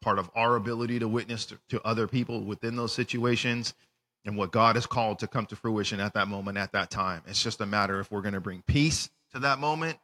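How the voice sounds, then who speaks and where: A man co-hosting a casual faith podcast, animated and lively, who stumbles and restarts his words. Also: lowish voice, quick pace, big-room sound. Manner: animated, acts out voices in retellings, restarts words. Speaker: podcast co-host. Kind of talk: casual faith discussion with scripture reading.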